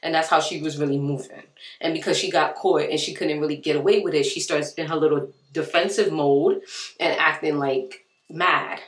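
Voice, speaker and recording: A woman's voice: sits low, fairly even intonation, normal speed. A young woman vlogger telling a heated story and acting out both sides. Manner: emphatic, heated. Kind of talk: storytime while doing her hair. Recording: echoey room.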